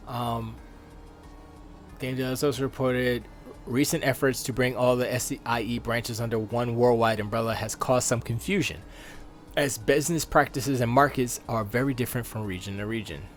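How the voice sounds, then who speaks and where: Male live stream host, casual gaming news commentary, rambling. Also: medium pitch. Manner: rambling, riffs on the news he reads.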